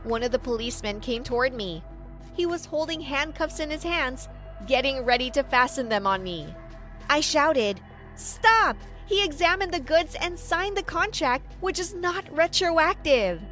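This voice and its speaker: Young woman narrator, high voice, dramatic first-person story read. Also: expressive, moderate pace, a bit bright, soft background music. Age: young adult.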